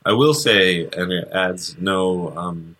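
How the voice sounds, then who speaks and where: A man's voice: deep voice, takes it slowly, a bit bright. A man co-hosting a podcast in casual chat, rambling and joking with lots of fillers. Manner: rambling, jokey, many fillers. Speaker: podcast co-host.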